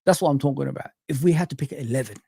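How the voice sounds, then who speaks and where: A man hosting a casual livestream, chatting lively and reading out and greeting his chat. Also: medium pitch, racing, vocal fry, breathy edge, no room sound. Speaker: livestream host.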